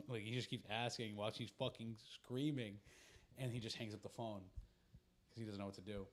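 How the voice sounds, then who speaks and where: Lowish-voiced man retelling a movie, rambling. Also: fairly even intonation, fairly quick, a little hiss or hum. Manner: rambling storytelling that acts out characters' lines, swears freely. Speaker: podcast host. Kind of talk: casual chat, retelling a movie plot.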